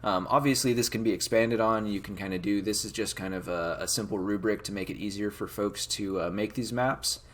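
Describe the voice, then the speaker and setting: A man's voice: on the low side, steady tone, brisk, hardly any pauses. Guy game master rambling thru a tabletop session, lots of ums. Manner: casual, rambling with many fillers.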